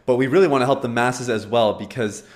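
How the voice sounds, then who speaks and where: Host role: man, mid-pitched, encouraging, long meandering questions. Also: quick pace. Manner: supportive, rambling questions with fillers. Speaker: podcast host. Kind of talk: interview questions.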